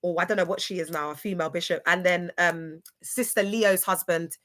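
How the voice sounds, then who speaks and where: A woman runs a casual livestream. She rambles and gossips, sometimes spelling words out letter by letter. Her voice is bright and forceful. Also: on the low side, steady tone, fairly quick. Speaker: livestream host.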